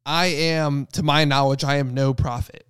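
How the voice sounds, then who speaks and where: A man's voice: fairly high pitch, steady tone, moderate pace, fairly bright tone, smooth, no room sound, clean studio sound. A young man co-hosting a casual faith podcast, telling a personal story with lots of restarts. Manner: rambling storyteller with many restarts. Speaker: podcast co-host.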